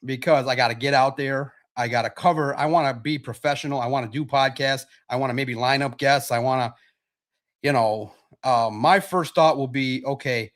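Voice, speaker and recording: A middle-aged man hosting a casual sports livestream, answering chat questions in a rambling way and often repeating himself as he thinks out loud. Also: mid-range voice, normal speed. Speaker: sports podcast host reading chat questions.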